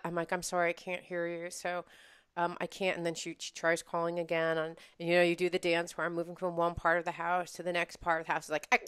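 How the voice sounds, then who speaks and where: Lively storytelling woman, smooth and dry. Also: lowish voice, no echo. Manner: animated storytelling with restarts and laughs. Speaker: podcast co-host. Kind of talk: casual chat.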